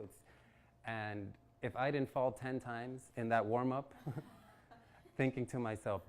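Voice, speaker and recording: A man in his forties telling a personal story at a networking event, acting out quotes and laughing often. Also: lowish voice. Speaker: guest speaker. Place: event venue.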